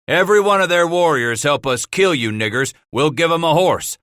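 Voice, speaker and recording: A bullying frontier horse thief, as an audiobook narrator puts him on, shouting threats in a raised, keen voice. He taunts without letup, cocky and menacing. The delivery is dry and close. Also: on the high side, lively intonation, moderate pace, clean tone, no echo, pitched above the performer's own voice. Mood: threatening.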